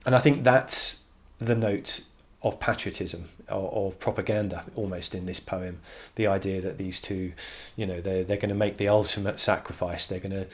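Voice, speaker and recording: A man teaching a poetry analysis lesson, thinking aloud with many restarts and reading quoted lines with emphasis. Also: sits low.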